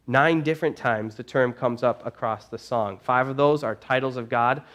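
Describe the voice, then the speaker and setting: A man preaching a sermon as a pastor, retelling a story with animated, casual phrasing. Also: mid-range voice, moderate pace. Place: church.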